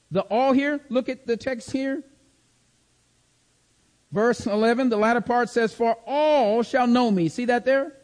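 A man's voice: very high voice, darkish tone, long reverb tail. A man teaching a Bible lesson in sermon style, stressing and repeating key words and checking that his listeners follow. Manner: emphatic, repeats key words, asks the class to follow along. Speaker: preacher teaching a Bible study.

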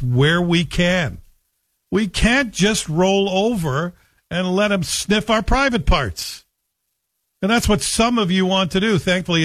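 A man's voice: high-pitched, a bit bright, no echo. A man hosting a radio talk show, delivering a combative, sarcastic opinion monologue from a studio. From Canada. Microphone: studio microphone.

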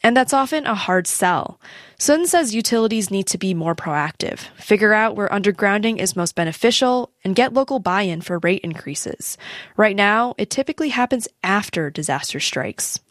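A woman reporting a public radio news story in a measured, clear voice. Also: mid-range voice, expressive, a bit bright, dry recording, studio quality.

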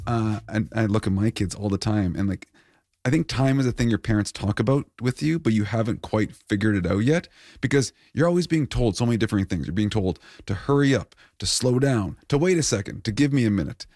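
A man's voice: lowish voice, fairly quick, a little mellow, dry recording, clean studio sound. A man co-hosting a radio show, bantering in a jokey way and musing on ideas. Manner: upbeat, jokey, reflective.

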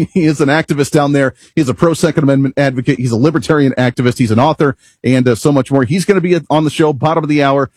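A man's voice: on the high side, husky, no echo. A man hosting a political talk radio show from a studio, delivering an opinionated monologue full of rhetorical questions.

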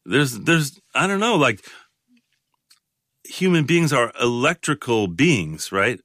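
A man in his sixties, a guest in a conversation, talking in a halting, reflective way with many restarts. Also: mid-range voice, animated, fairly bright tone, no room sound, clean studio sound. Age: 60s. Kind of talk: casual conversation.

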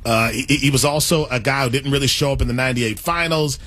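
A man's voice: mid-range voice, quick pace, pushed and bright. A man co-hosting a sports radio show, arguing his opinions in casual, opinionated talk. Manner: opinionated, argumentative.

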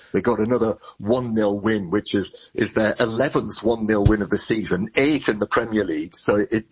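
Husky-voiced man giving football analysis. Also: lowish voice, poor audio. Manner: measured, with frequent restarts. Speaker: football correspondent. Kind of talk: live radio analysis.

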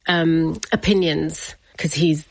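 Speaking slowly in a low voice with vocal fry, a woman being interviewed shares a family story, and the audio has no echo. Lively and often laughing, she acts out the voices of her relatives.

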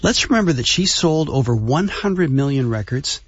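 Husky, easygoing male co-host. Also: mid-range voice, lively intonation, normal speed, no room sound, highs cut off. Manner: easygoing, laughs readily. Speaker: radio co-host. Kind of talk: casual chat and scripted setups.

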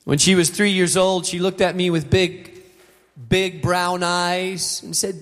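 A man's voice: high-pitched, level tone, measured pace, fairly bright tone. A middle-aged man preaching a sermon to an auditorium, telling a story and acting out the voices of the people in it. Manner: storytelling, acts out quoted voices. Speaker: pastor. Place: large auditorium. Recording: long hall reverb.

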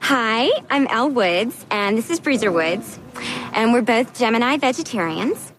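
A woman's voice: fairly high pitch, lively intonation, measured pace, low-quality recording. An actress playing a bubbly, cheerful young blonde woman in a perky, upbeat way.

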